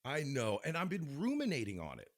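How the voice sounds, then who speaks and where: A man's voice: medium pitch, huge pitch swings, brisk. A man co-hosting a podcast, telling a story in casual chat, swearing often. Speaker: podcast co-host.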